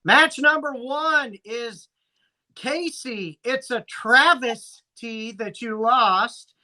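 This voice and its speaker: Dude reading fantasy matchups like a mock announcer, slow and teasing, bright voice. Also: male voice, extremely high pitch. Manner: dry, teasing, announcer-like recaps. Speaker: podcast co-host. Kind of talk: casual fantasy sports chat.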